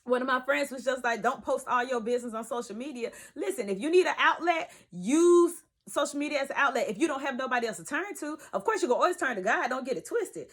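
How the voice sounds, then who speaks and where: A woman's voice: high voice, animated, fast, hardly any pauses. Emphatic woman vlogging from bed. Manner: emphatic, preachy, swings from loud to hushed. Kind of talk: casual talk to camera. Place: bedroom, sitting in bed.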